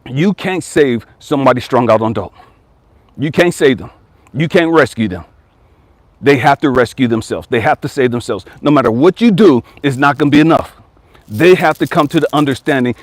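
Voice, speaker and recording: A life coach with a mid-range voice delivers a brisk, blunt, profane motivational rant to viewers, occasionally imitating whiny complainers. The recording is dry.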